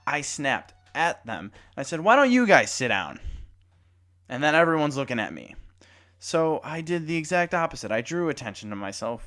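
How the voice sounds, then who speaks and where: A man's voice: mid-range voice, fairly bright tone. A young man hosting a sports report, telling an awkward story in a rambling, self-conscious way with many restarts, then reading the news.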